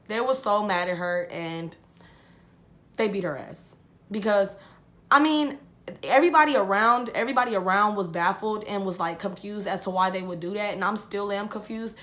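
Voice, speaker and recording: A woman's voice: medium pitch, fairly bright tone. Young woman vlogger, casual storyteller, chatty and repetitive, talks straight to her viewers. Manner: chatty, repeats herself, addresses viewers as y'all.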